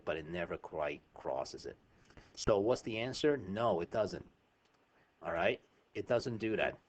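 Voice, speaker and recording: A man teaching a math lesson over a screen recording, chatty and informal, often checking in with "right?". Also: low-pitched.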